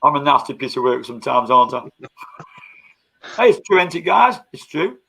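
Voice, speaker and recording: Gravelly, bright man chatting live. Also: mid-range voice, very animated, moderate pace, low-quality recording. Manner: banter with coarse slang and frequent laughs. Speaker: live stream host. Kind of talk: casual live chat.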